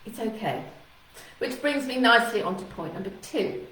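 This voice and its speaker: A woman's voice: on the high side, animated, normal speed, a bit bright, recorded from a distance. A woman speaking as a communication coach in a live talk to camera, chatty and encouraging, sometimes acting out anxious thoughts. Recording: echoey room with faint noise.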